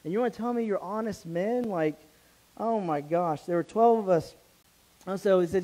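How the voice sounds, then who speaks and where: A man with a higher-than-usual voice delivers a sermon in a church. He tells the story casually and with animation, stumbling and restarting as he goes. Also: moderate pace, warm tone, low-quality recording. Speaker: pastor.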